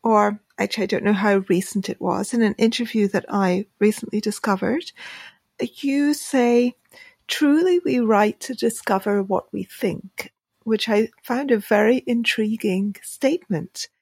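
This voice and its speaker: A woman's voice: medium pitch, measured pace, gravelly, a little mellow, slightly rough, no echo. A woman interviewer asking questions in a friendly, hesitant way with plenty of fillers. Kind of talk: casual interview.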